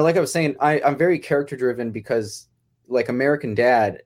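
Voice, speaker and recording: A man's voice: mid-range voice, a little mellow. A man who writes and directs a podcast sitcom, talking casually in a rambling way, often breaking off mid-phrase and chuckling.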